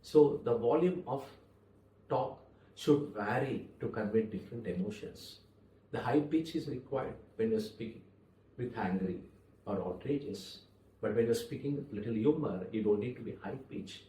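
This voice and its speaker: Measured man in an echoey room. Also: medium pitch, mellow. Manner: measured, with deliberate pauses and stressed words. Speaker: public speaking trainer. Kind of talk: spoken lesson to camera. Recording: echoey room, voice a little far from the mic.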